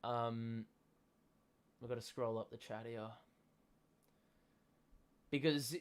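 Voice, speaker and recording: A young man hosting a live basketball watchalong stream, chatting with viewers and calling plays, getting loud and excited on big moments. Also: medium pitch, unhurried, long pauses, clean tone. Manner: chatty, self-deprecating. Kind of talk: live casual commentary, reading chat.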